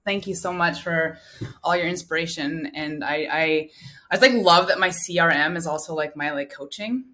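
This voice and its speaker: A woman calling in to a live coaching show, talking earnestly and haltingly about her business. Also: low-pitched, fairly bright tone. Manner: earnest, halting, restarts often. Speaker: caller, coach with a small business. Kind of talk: casual live-call conversation.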